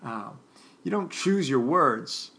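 A man lectures in an unscripted, thinking-aloud way, stopping and restarting his sentences. His voice carries a gravelly fry at the bottom, and his pitch sits in an ordinary middle range. He keeps turning to the listeners with a quick "right?". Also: animated, a bit bright. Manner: thoughtful, halting, many restarts and fillers; addresses listeners directly, often checking with "right?".

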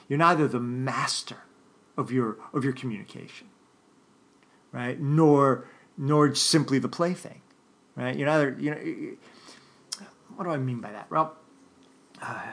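Halting, gravelly-voiced man lecturing. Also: mid-range voice, expressive, a bit bright. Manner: thoughtful, halting, many restarts and fillers; addresses listeners directly, often checking with "right?". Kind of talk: unscripted philosophy lecture.

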